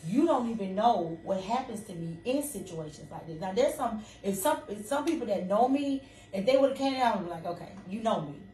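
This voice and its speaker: A woman's voice: medium pitch, expressive, brisk, few pauses, warm tone. A woman co-hosting a casual faith talk, conversational and restarting her sentences often. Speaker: co-host. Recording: roomy, distant mic, faint noise.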